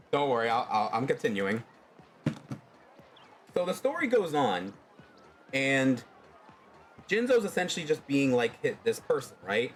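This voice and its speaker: A man telling a fan story in a loose, rambling way, dropping filler words all through. His pitch moves around a lot, with a faint hum of background noise behind him. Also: sing-song, unhurried, pauses often. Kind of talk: casual storytelling.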